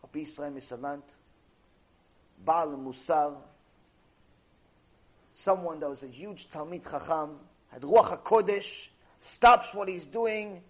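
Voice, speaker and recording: A man's voice: on the high side, takes it slowly, long pauses, a bit bright. A man teaching a Torah lecture, speaking emphatically with lots of rhetorical repetition.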